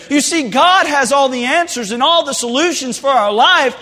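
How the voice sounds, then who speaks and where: A man preaching a sermon in a church, telling folksy stories with lively asides. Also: very high voice, moderate pace, hardly any pauses. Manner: animated storytelling with folksy asides. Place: church sanctuary. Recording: long hall reverb.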